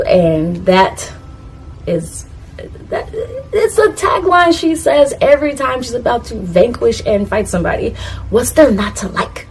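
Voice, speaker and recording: A woman's voice: on the high side, sing-song, a little slow, a little hiss or hum, low-quality recording. A woman vlogging to camera in a casual, rambling way, laughing at herself and talking straight to her viewers. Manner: talks straight to her viewers, asks them to comment. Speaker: YouTuber ranking anime catchphrases.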